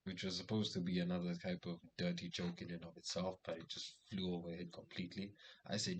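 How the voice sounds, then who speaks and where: A man's voice: deep voice, brisk, slight background noise, low-quality recording. Young man rambling through a story. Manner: rambling, many fillers and restarts; lively quoted dialogue in story. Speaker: vlogger giving social advice. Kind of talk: casual storytelling.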